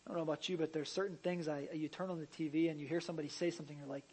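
A pastor delivers a sermon in a lifted, high-pitched voice. He talks to the room like a conversation, doubling back on his words and then driving points home with loud emphasis. Now and then he drops in a joke for the congregation. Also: level tone, racing, husky, rough recording. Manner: conversational preaching with repeated restarts and sudden loud emphasis; jokey asides to the congregation.

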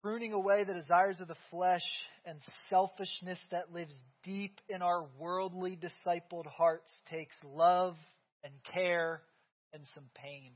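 Pastor, man, 30s, high voice, casual back-and-forth sermon delivery, dull lo-fi church recording. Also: fairly even intonation, unhurried. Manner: conversational, keeps asking "right?". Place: church sanctuary.

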